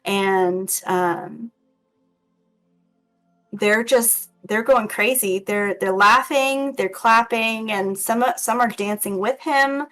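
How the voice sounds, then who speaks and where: Woman dungeon master, unhurried and halting, narrates scenes with lots of ums; faint music underneath. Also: a little high, a bit bright, poor audio. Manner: slow and hesitant, with many ums. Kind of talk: narrating a tabletop game.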